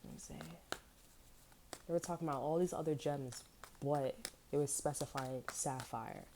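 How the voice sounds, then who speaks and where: A woman's voice: deep voice, normal speed, noisy background. A woman giving a casual, rambling tarot reading, talking bluntly and swearing freely, with "you know what I'm saying" over and over. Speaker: tarot reader.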